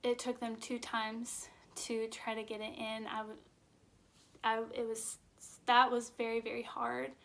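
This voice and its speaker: Young woman vlogging, slow and halting, kinda high voice, gets teary. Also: flat delivery, vocal fry, fairly bright tone. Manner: emotional, halting, fighting tears at times. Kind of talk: personal birth story, casual.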